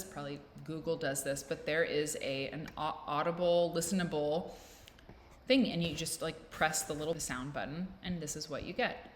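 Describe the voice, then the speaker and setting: Low-pitched female vlogger, rambling and self-mocking, recorded in a reverberant room. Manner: rambling, self-deprecating, playful. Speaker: vlog host. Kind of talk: casual chat to camera. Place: indoors at home with a fan blowing. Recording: echoey room with faint noise.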